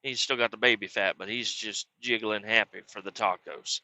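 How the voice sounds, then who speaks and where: A man's voice: fairly even intonation, normal speed, hardly any pauses, no echo, muffled recording. A man with a Southern US accent telling a crude, rambling comic story. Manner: rambling, crude, acts out quotes in loud high voices. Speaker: comedic storyteller. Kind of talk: comedic character monologue.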